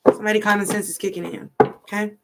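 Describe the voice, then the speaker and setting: A woman's voice: mid-range voice, steady tone, fast, background noise. A woman giving a rambling, chatty tarot card reading, thinking aloud as she goes. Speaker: tarot reader.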